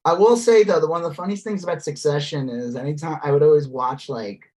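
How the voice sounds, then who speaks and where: A man co-hosting a podcast in casual chat, rambling and animated, swearing freely and mimicking posh voices. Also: fairly high pitch, fast talker. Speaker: podcast co-host.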